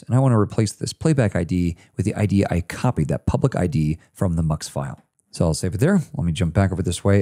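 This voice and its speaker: A man's voice: deep voice, dark tone. A man hosting a screen-share coding tutorial, talking casually through each step.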